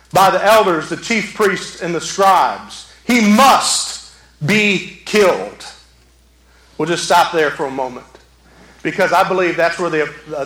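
A man preaching a sermon, his voice pitched high and ringing bright. He swings between fervent shouts and hushed, quiet asides. The sound carries a roomy echo, as in a church hall. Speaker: pastor.

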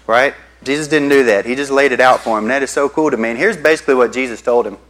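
A man's voice: medium pitch, fast talker, hardly any pauses, a bit bright, rough recording. A male pastor, preaching a sermon and telling stories to the congregation. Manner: storytelling, addresses the congregation as y'all.

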